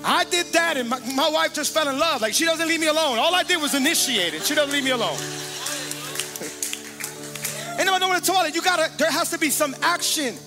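A middle-aged man preaching a sermon as pastor, emphatic and energetic, calling out to the congregation. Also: extremely high pitch, a little fast. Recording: long hall reverb with music underneath.

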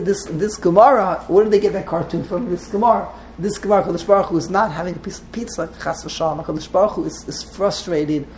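A man with a high-pitched, slightly mellow voice teaches a text class to a small group, often drifting into side stories, restarting sentences and mixing in Hebrew terms. The low-quality recording carries a little hiss or hum.

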